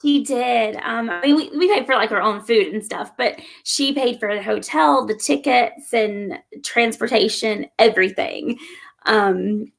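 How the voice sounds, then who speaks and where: A woman guest chatting casually on a live stream, laughing often and filling pauses with um. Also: on the high side, gravelly. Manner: giggly, chatty, with many ums.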